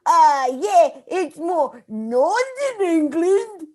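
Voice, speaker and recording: A woman's voice: very high-pitched, lively intonation, measured pace. A woman reading the part of a nervous young woman who stammers and giggles at a live script reading. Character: flustered young woman serving divorce papers. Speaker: table-read actor.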